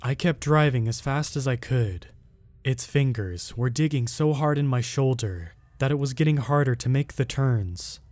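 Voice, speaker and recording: A man reading a first-person horror story aloud as a scripted narration, in a slow, hushed storytelling manner. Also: mid-range voice, no room sound.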